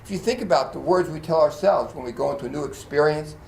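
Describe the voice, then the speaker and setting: A man's voice: fairly high pitch, fast talker, vocal fry, roomy sound, slight background noise. A man preaching a sermon as pastor, telling stories with lots of acted-out quotes and frequent laughter. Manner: animated storyteller, acts out quotes, laughs often. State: choked up at times. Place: church.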